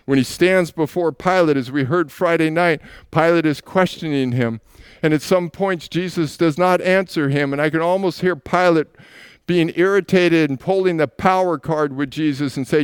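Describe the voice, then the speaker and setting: A male pastor preaching a sermon in a smooth, clear, mid-range voice. He tells scripture scenes as stories and acts out the voices in them. The sound is dry and close, with no room echo. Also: medium pitch, moderate pace.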